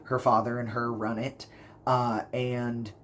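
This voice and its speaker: A man's voice: medium pitch, little pitch movement, takes it slowly, fairly bright tone, slight background noise. A man rambling casually through book reviews for his channel, full of fillers and self-corrections, gushing about what he loved. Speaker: book vlogger.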